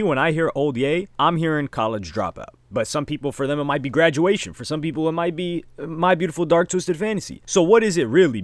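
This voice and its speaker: A man hosting a casual commentary video, reading out social media posts and reacting with lively emphasis. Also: medium pitch, no echo. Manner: animated, reads quotes aloud with emphasis. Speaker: commentary channel host.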